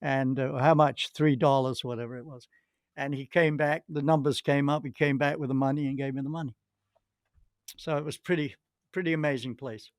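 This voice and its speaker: A man's voice: medium pitch, fairly even intonation, a little fast, dry recording, studio quality. An older man, a podcast guest, telling long rambling anecdotes with many restarts and acted-out quotes. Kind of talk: anecdotal storytelling.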